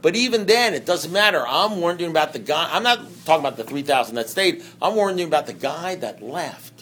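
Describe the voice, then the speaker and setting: A man speaking to a recovery meeting in a rambling, conversational way, full of "you know" asides, swinging between loud bursts and quiet low stretches and acting out dialogue. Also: lively intonation, quick pace. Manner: acts out dialogue in anecdotes. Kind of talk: personal recovery talk to an audience.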